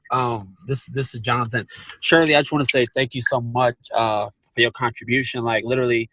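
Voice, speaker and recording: A man calling in by phone from a parked car, halting and grateful with many fillers. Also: medium pitch, fairly even intonation, a bit bright, no room sound, poor audio. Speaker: caller. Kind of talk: casual chat.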